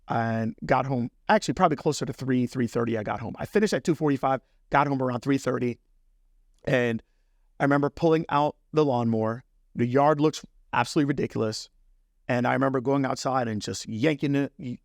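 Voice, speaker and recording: A man's voice: medium pitch, no room sound, clean studio sound. A middle-aged man hosting a business talk, telling a personal story in a casual, conversational way and speaking straight to the listener. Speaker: podcast host.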